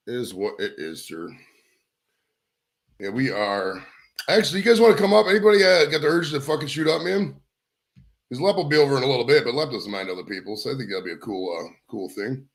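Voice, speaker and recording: A man's voice: mid-range voice, a bit bright. A man hosting a live stream, chatting casually in a crude, rambling, profane way. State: out of breath. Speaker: livestream host.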